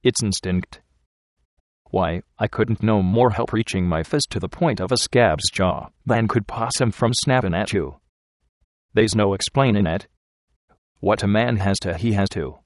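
A man reading the part of a blunt, rough working-class young man who talks in plain, ungrammatical folksy speech. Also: fairly low pitch, no room sound, clean studio sound, lightly acted. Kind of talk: audiobook character reading.

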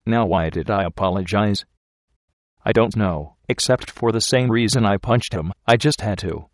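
A man reading the part of a blunt, rough working-class young man who talks in plain, ungrammatical folksy speech. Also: fairly low pitch, normal speed, dry recording, studio quality, close to an everyday voice. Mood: brooding. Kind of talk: audiobook character reading.

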